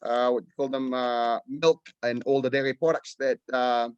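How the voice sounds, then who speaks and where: A man's voice: mid-range voice, steady tone, moderate pace, darkish tone, clean tone, dry recording, muffled recording. A man from New Zealand, a farmer guest in an interview, speaking hesitantly with many fillers. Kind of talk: casual interview.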